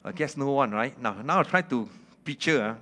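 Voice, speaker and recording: A male preacher giving a lively sermon. He keeps asking the audience questions, laughs often and speaks in simple, broken grammar. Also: medium pitch, fairly quick.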